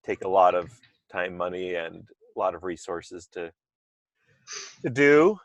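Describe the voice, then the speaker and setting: A man's voice: sits low, expressive, unhurried, no room sound, muffled recording. A man hosting a podcast in casual chat, talking loosely with asides and restarts over a remote call microphone. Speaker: podcast host.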